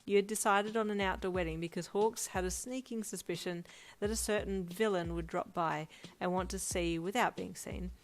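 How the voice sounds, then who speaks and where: Woman, fanfiction narrator, expressive storytelling. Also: fairly low pitch. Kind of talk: second-person fanfiction reading.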